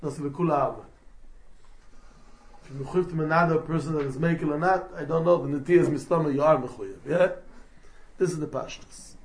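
A man's voice: on the high side, fairly quick, long pauses. A man teaching a Torah lesson, explaining point by point and mixing in Hebrew and terms. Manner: mixes English with Hebrew and Yiddish terms, explanatory. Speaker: rabbi teaching halacha. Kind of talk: Torah lecture.

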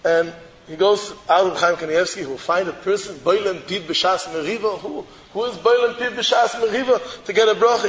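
A man with a high voice preaches a storytelling sermon as a rabbi, animated and hammering his points through repetition. His voice rings through a roomy hall with a long, lingering reverb. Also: slight background noise. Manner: animated, repeats phrases for emphasis. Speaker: rabbi giving a Torah talk.

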